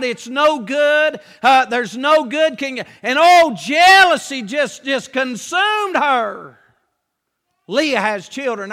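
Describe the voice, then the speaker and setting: A man preaching a folksy, emphatic sermon that rises to shouts. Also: extremely high pitch, in a large hall.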